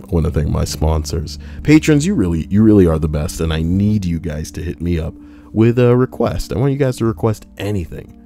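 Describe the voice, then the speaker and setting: A low-pitched man with a dark, mellow tone hosts a live stream, reading online posts aloud. He reads casually and keeps breaking in with playful, mock-dramatic jokes. Soft music plays faintly behind him. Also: expressive, brisk. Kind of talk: casual reading with joking asides.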